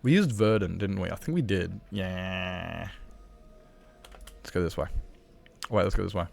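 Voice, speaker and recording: A man's voice: low voice, measured pace, gravelly, darkish tone, soft background music. A man chatting casually on a live game stream, rambling and candid, swearing freely and dropping lots of fillers. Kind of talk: casual live-stream chat while gaming.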